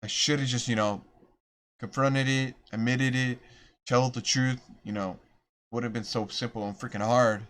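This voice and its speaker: A man's voice: medium pitch, fairly even intonation, moderate pace, a bit bright. A young man rambling through a storytime vlog, self-deprecating and restarting his sentences often. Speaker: vlogger.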